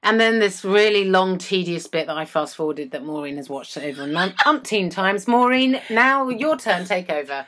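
A woman's voice: mid-range voice, animated, moderate pace, few pauses, a bit bright. A woman co-hosting a casual chat about a TV episode, teasing and sarcastic, laughing often. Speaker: podcast co-host.

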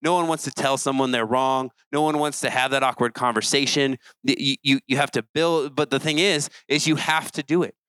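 A man's voice: medium pitch, steady tone, fairly quick, hardly any pauses, fairly bright tone, smooth, dry recording, rough recording. A man preaching an earnest, conversational sermon as a youth pastor, often restarting his sentences as he talks.

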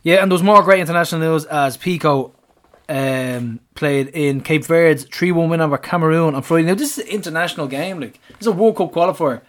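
Excitable man chatting football. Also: on the high side, a little fast. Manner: excitable, swearing, laughs often. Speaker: podcast co-host. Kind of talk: casual football chat.

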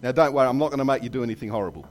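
A man preaching a sermon in a church, telling jokes and stories with lively asides. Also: medium pitch, very fast. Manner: animated storytelling with jokes and asides. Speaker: pastor.

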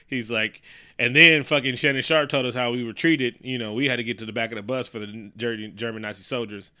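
A man's voice: mid-range voice, fairly even intonation, a little fast, sharp tone, smooth. A man co-hosting a casual podcast, recapping a movie with profane jokes and acted-out quotes. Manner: profane, joking, acts out quotes. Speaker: podcast co-host.

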